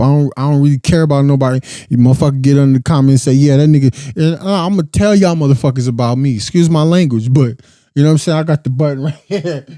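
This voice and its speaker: A man's voice: on the high side, dark tone, no echo. A young adult man hosting a podcast, giving a blunt, profane, impassioned casual monologue. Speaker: podcast host.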